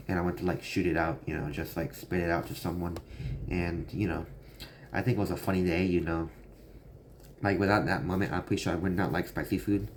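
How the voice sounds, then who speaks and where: Low-voiced young man rambling a story. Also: slight background noise. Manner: rambling with many fillers. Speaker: vlogger. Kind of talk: casual storytelling monologue.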